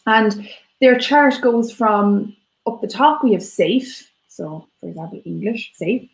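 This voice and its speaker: A young woman explains points in a chatty, filler-laden way, her voice carrying some gravelly fry. The sound comes from an echoey room. She talks like a teacher on a live stream. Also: a little high, lively intonation, slow pace. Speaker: co-host and Irish teacher. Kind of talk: live-stream language lesson.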